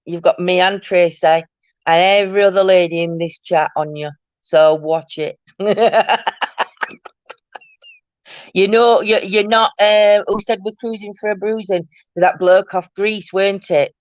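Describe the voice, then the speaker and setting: A woman's voice: medium pitch, steady tone, a little slow, no room sound, lo-fi sound. A woman hosting a paranormal live stream from home, chatting casually and reading out viewer comments, teasing and laughing often.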